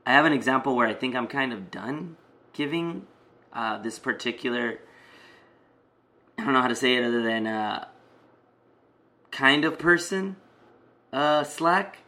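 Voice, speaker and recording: A man's voice: medium pitch, animated, a little slow, pauses often, bright, forceful tone. A man casually telling a personal story, rambling with many fillers and restarts.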